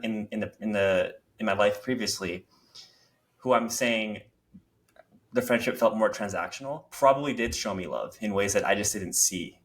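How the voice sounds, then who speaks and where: Low-voiced man reflecting openly. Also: moderate pace. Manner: reflective, searching for words. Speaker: podcast guest. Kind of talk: casual heartfelt conversation.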